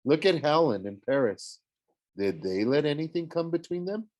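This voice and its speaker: A man's voice: a little high, big pitch swings, normal speed, a little mellow, voice pushed up. A man voicing a dramatic, swooning goddess of love in an audiobook, gushing and theatrical. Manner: gushing, theatrical, sing-song. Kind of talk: audiobook character voice.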